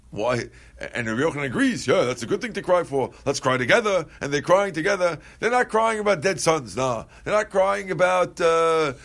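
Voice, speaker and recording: A Talmud teacher leads a class in a casual, conversational way, reading Aramaic lines and translating them into English. He asks questions aloud and answers his students, speaking at a medium pitch.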